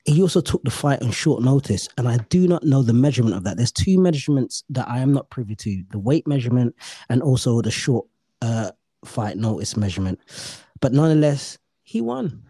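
A man's voice: medium pitch, very animated, fairly quick, dark tone, breathy edge, dry recording, studio quality. A man hosting a casual podcast chat, bantering and swearing freely. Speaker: podcast host.

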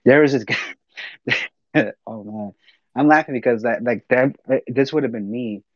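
Heard at a moderate pace through a dry, muffled recording, a man with a mid-range voice tells meandering stories in a relaxed chat. He swears often and leans heavily on filler words.

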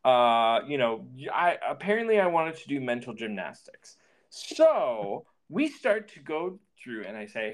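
A man on a podcast spins a personal story with a lively, swooping pitch. He talks casually, swears freely and slips into the voices of the people he describes. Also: a little slow. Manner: animated, swearing, acts out the dialogue.

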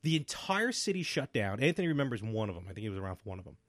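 A man co-hosting a podcast in casual chat, telling stories with lively energy and frequent laughs. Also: fairly low pitch, racing, dry recording, studio quality. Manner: animated storyteller, laughs often. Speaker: podcast co-host.

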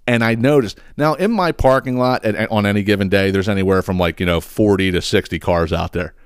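A man tells a story in a loose, profane, animated way, often acting out the lines people said to him. His voice sits a little low. The sound is dry and close, with almost no room echo. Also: a little fast, smooth. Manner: profane, animated storyteller who acts out quotes. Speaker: podcast host. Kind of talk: casual storytelling.

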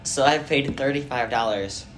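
A young man hosting a casual podcast chat, rambling through stories and trailing off quietly at the ends of thoughts. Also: medium pitch, moderate pace, soft background music. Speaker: podcast host.

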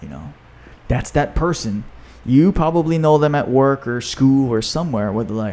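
A man who coaches fitness and runs a gym, talking in a casual podcast chat. He talks in an upbeat way, with quick runs full of fillers. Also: mid-range voice, darkish tone. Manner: upbeat, talks fast with many fillers, reads aloud from his own book.

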